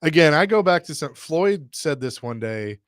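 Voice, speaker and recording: A man hosting a sports radio show, telling stories in a casual, animated way. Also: a little high, normal speed, no room sound, studio quality. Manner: storytelling, animated retelling with laughs.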